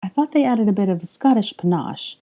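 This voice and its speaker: A woman voicing a bold, cheeky young witch with a playful, breathy drawl, raised above her own voice, in a storybook reading. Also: medium pitch, animated, moderate pace, warm tone, pitched above the performer's own voice.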